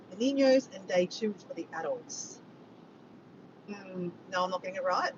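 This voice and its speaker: A woman with an Australian accent chatting casually on a livestream, rambling and reading out comments from her viewers. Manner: rambling, reads out the chat and greets viewers by name. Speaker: vlogger hosting a livestream. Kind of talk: casual live chat with viewers. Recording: dull distant mic with vehicle rumble.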